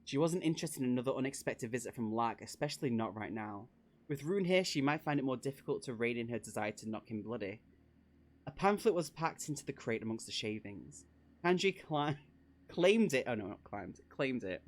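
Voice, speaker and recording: Chatty man reading a book aloud. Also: mid-range voice. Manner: chatty, laughs and corrects his own slips. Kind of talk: casual read-along narration.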